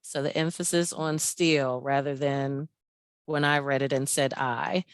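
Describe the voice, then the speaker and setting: A woman's voice: very deep voice, steady tone, a little slow, clear, resonant tone, no room sound. A woman presenting a training webinar over a video call, explaining an exercise step by step and laughing often.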